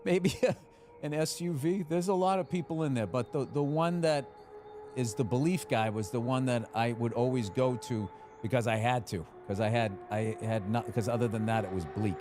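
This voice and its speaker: A man's voice: medium pitch, moderate pace, over music. A man in casual chat, telling rambling stories and swearing freely. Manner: profane, rambling, animated storytelling.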